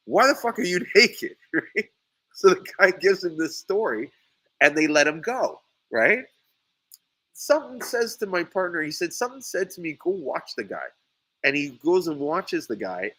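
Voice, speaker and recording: A man's voice: mid-range voice, husky, no echo, low-quality recording. A man in casual storytelling mode, full of energy, his voice jumping up sharply whenever he acts out what someone said. He laughs a lot as he talks. The sound is dry and close. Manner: animated storyteller, voices quotes loudly, laughs often. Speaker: sea moss farmer and podcast host.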